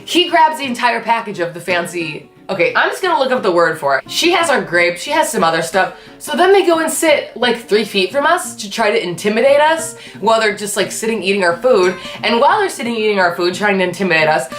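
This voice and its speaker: A woman hosting her vlog, telling a story in a casual, animated and profane way. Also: medium pitch, brisk, hardly any pauses. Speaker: host. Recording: echoey room with faint guitar music.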